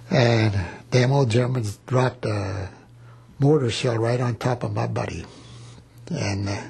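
A man's voice: medium pitch, slow, gravelly, long pauses, darkish tone, breathy edge. A man in his eighties, a war veteran, recalling his wartime days in a plain-spoken, rambling oral history. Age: 80s.

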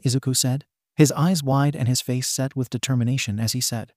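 Male fanfic narrator, steady and gentle, mellow tone, dry close sound. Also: medium pitch, fairly quick, no echo. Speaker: story narrator. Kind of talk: fan-fiction audiobook narration.

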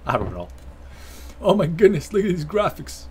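A man's voice: high voice, big pitch swings, moderate pace, darkish tone, husky. A man doing casual, foul-mouthed let's-play commentary, joking and talking to himself and the game. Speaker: gaming video host.

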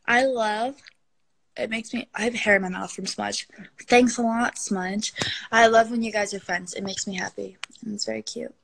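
A woman's voice: mid-range voice, fairly even intonation, normal speed, vocal fry, fairly bright tone. A young woman hosting a casual phone livestream, gushing and affectionate with her callers and her pet. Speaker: livestream host.

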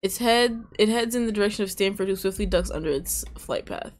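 A woman's voice: medium pitch, brisk. A young woman hosting a gaming video, reading the game's narration aloud and chatting casually with playful, teasing humor. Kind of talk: reading game text aloud, casual commentary.

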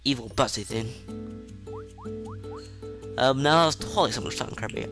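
A man casually commenting on a video game as he plays, chatty and rambling, with self-mocking asides and excited outbursts. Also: on the high side, measured pace, pauses often. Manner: excitable outbursts during play. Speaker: video game let's-play host. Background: faint game music.

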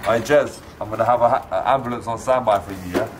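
A man's voice: lowish voice, fast, far from the mic. Cheeky, sweary young man. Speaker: vlogger. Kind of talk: casual banter. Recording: noisy background.

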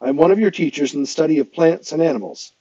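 A man reading aloud and voicing a gentle male teacher with a soft, breathy voice. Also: fairly high pitch, quick pace, no echo, lo-fi sound, pitched above the performer's own voice, close to an everyday voice. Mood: welcoming.

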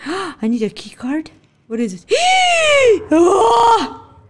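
Jumpy high-voiced woman yelling at a game. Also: big pitch swings, takes it slowly, very noisy. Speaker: gaming channel host. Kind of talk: live gameplay commentary. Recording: game sounds loud behind voice.

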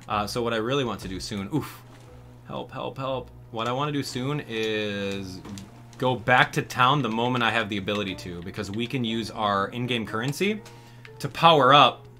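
A man hosting a video game walkthrough, commenting in an excitable way and exclaiming often. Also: fairly low pitch. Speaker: gaming channel host.

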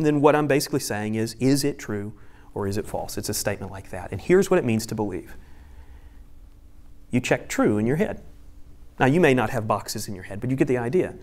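A male pastor giving a conversational teaching sermon, explaining step by step with friendly asides. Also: medium pitch. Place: church room with a screen.

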